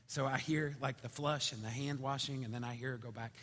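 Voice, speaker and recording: Chatty pastor in a reverberant hall. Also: male voice, medium pitch, steady tone, a little fast, hardly any pauses. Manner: conversational storytelling, swings between loud and whispered. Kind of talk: sermon.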